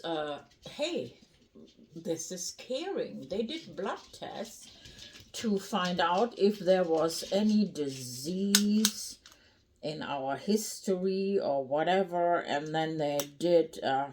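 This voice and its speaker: An older woman with a German accent chats to camera about her life. She speaks slowly and bluntly, with plenty of fillers. Her voice sits a little low. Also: darkish tone, slight background noise. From North Rhine-Westphalia, Germany. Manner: blunt, chatty, rambling with fillers. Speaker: cooking vlogger. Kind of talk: casual storytelling to camera.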